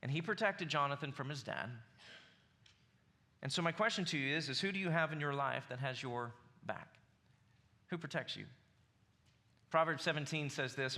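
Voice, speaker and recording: A man's voice: fairly high pitch, moderate pace, long pauses, sharp tone. A man in his forties with a Southern US accent preaching a sermon, conversational and building to emphatic bursts. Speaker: pastor.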